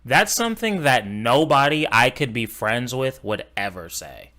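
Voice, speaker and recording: A man's voice: medium pitch, very animated, unhurried, bright, forceful tone. A man from Los Angeles reacting to videos on stream, blunt and mocking, swearing freely. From Los Angeles, USA. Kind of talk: casual reaction commentary.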